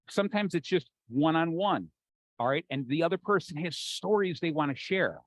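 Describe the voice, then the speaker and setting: A man with an American accent giving an animated, jokey conference talk, acting out the voices in his head. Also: fairly high pitch, no room sound, poor audio. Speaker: keynote speaker. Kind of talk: conference talk to a live audience.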